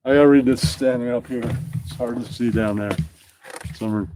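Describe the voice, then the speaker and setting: A man reading out crude, profane jokes and a comedy skit in a deadpan way. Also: medium pitch, normal speed, long pauses, slight background noise.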